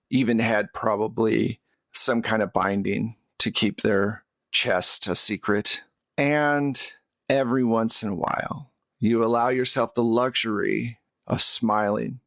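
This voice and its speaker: A man running a tabletop game, narrating in a measured second-person style. He talks slowly with a creaky, gravelly texture. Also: mid-range voice, dry recording. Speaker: game master.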